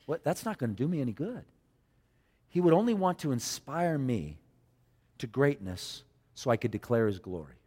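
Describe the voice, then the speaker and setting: A male preacher delivers a sermon with a lively, swinging pitch, acting out scripture dialogue and repeating phrases for effect. His voice rings with the long reverb of a large church hall. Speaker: pastor.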